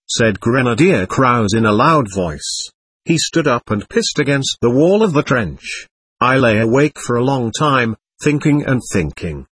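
Male audiobook narrator, husky tone, lively pitch, dry studio sound, measured read. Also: dry recording. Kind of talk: scripted narration.

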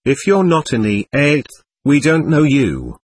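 A blunt, wry soldier, read by a man, terse in his words. The voice is husky and expressive, in a dry, close recording. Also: mid-range voice, a little slow, no room sound, heavily acted.

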